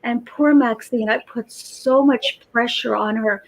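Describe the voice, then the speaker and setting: A woman guest telling a personal story in a casual chat, animated and acting out what people said. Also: a little high, unhurried, rough recording. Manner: animated storyteller, acts out quotes.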